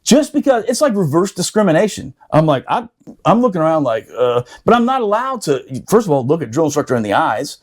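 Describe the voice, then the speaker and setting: High-pitched, animated storyteller man. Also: brisk. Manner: profane, animated, laughing while telling. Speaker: podcast storyteller. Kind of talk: casual storytelling chat.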